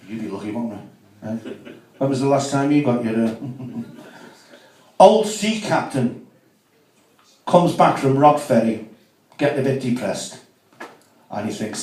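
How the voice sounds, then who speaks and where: A man's voice: mid-range voice, a little slow, long pauses, dark tone. A man doing a cheeky, chatty stand-up set at a comedy club, with asides to the crowd. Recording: echoey room, mic from far off.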